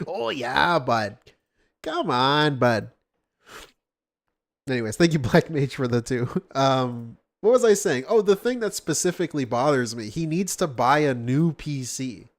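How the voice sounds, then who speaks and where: A hoarse man reacting to a stream clip with casual, profane, mocking commentary. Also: medium pitch, expressive, moderate pace, few pauses.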